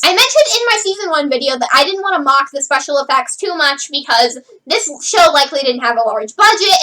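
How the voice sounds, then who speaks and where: Woman vlogger ranting about a tv show, really high bright voice, sarcastic, says like a lot. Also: rough recording. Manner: chatty, sarcastic, lots of "like" fillers. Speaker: host reviewing a TV series. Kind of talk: casual opinionated review.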